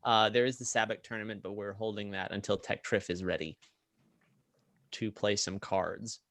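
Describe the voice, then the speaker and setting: A man's voice: fairly low pitch, steady tone, moderate pace, fairly bright tone, dry recording, studio quality. A man running a tabletop role-playing game as game master, narrating scenes loosely with many fillers and restarts.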